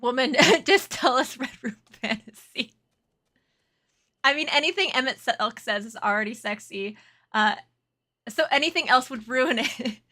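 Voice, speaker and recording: Giggly bright-voiced woman streamer. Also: high-pitched, animated, a little slow. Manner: giggly, laughs often, flustered and chatty. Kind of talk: casual live-stream chat.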